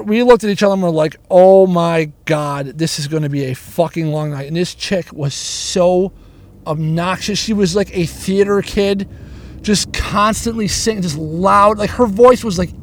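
Man, high-pitched, profane rambling storyteller, recorded in a car on a handheld recorder. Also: no room sound. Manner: swears constantly, rants, restarts and digresses. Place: inside a car stuck in traffic.

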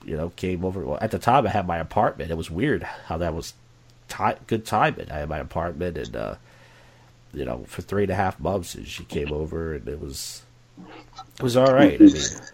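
Blunt, rambling man with a low voice. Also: very animated, moderate pace, gravelly, darkish tone, slightly rough. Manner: rambling, repetitive, blunt and profane. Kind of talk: candid casual conversation.

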